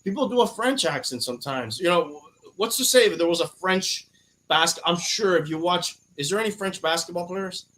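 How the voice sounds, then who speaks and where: A man's voice: high voice, animated, moderate pace, a bit bright. A man hosting a podcast in casual chat, with loose, profane banter and lots of fillers. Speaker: podcast host.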